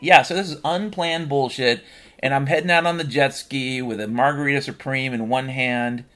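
A man's voice: mid-range voice, normal speed, soft background music. Foul-mouthed man rambling through a tall tale. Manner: profane, rambling, deadpan asides. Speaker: storyteller. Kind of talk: comedic rambling monologue.

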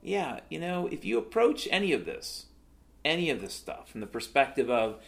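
Profane ranting man, slightly high voice. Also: very animated, moderate pace, creaky. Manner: sarcastic, profane, storytelling. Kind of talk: profane monologue rant.

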